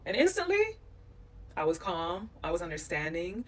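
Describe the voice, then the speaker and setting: A woman tells a story from a trip in a lively vlog voice, playing out what people said to her. Her voice sits a little low for a woman. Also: brisk, far from the mic. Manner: animated, acting out quoted voices. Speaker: vlogger recounting a trip.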